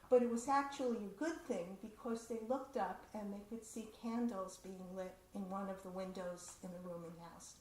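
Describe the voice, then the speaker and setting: A woman performing a personal story at a community event, with a chatty, animated telling and asides. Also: medium pitch, normal speed, few pauses. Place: community center hall. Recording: roomy hall with faint noise.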